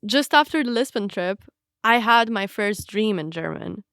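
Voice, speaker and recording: A young woman from Romania, a native Romanian speaker, giving a reflective, measured scripted narration of her own story. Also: mid-range voice, animated, a bit bright, clear, resonant tone, no room sound, studio quality.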